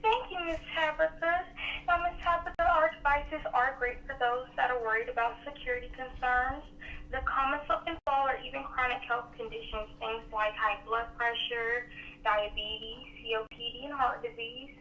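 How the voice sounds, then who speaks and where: Gushing, gravelly-voiced woman telemarketer on a phone line. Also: a little high, normal speed. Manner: gushing, flattering, overly sympathetic. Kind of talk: sales call. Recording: distant muffled phone line with faint hiss.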